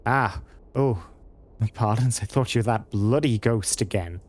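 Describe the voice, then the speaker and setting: A man's voice: lowish voice, unhurried, a little mellow. A man reading the lines of a nervous, evasive retired thief in a game. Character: shifty retired male thief.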